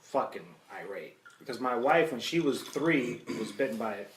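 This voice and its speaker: A man's voice: mid-range voice, animated, moderate pace, slight background noise. A man in his thirties, a podcast host, telling a profane story in casual chat. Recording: echoey room, mic at a distance.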